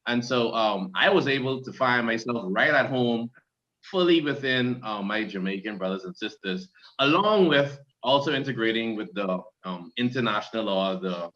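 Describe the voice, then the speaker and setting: A man's voice: medium pitch, animated, moderate pace, a bit bright. A man on a panel talking in an easygoing, enthusiastic way, with some fillers. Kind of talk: casual panel chat. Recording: dull, muffled sound.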